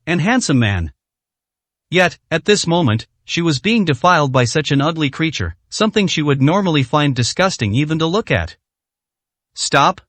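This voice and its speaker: A man narrating a dramatic story in a scripted, expressive reading. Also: fairly high pitch, no room sound.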